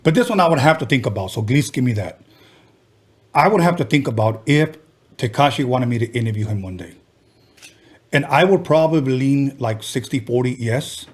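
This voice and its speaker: A man's voice: medium pitch, animated, moderate pace, breathy edge. A man hosting a podcast, talking bluntly and animatedly in casual chat, swearing freely. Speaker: podcast host.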